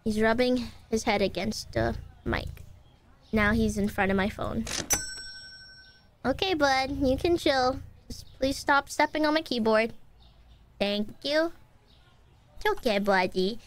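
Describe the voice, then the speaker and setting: A woman's voice: fairly high pitch, slow, pauses often, slight background noise. A woman streamer chatting casually while gaming, playfully dramatic and indignant, talking to her chat and her cat.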